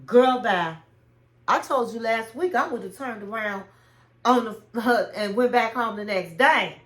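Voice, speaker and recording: A woman's voice: fairly high pitch, measured pace, a bit bright, echoey room. A woman hosting a reality TV recap, giving her opinions in casual commentary and acting out what people said. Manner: opinionated, retells scenes by acting out quotes.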